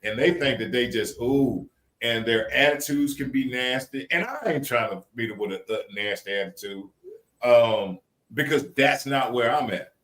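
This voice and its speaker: A man's voice: medium pitch, normal speed, fairly bright tone, reverberant, low-quality recording. Reflective man talking about grace. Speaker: podcast co-host. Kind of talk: casual chat.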